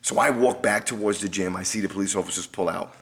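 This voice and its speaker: Deep, gravelly-voiced man telling a story. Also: fast talker, fairly bright tone. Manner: vivid storyteller who acts out dialogue. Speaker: guest, personal trainer. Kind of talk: storytelling in a conversational interview.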